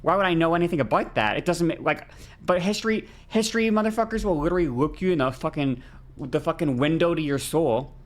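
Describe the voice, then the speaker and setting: A woman's voice: low voice, fast. Foul-mouthed ranting woman streamer. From not American. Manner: ranting, heavy swearing, frequent restarts. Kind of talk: casual chat while gaming on stream.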